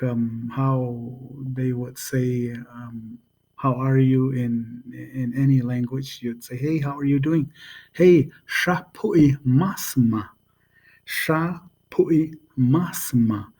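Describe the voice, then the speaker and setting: A man giving a casual spoken language lesson, relaxed and pausing often, repeating phrases slowly and spelling them out letter by letter. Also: medium pitch. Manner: relaxed and unhurried, with many pauses and fillers. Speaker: language teacher.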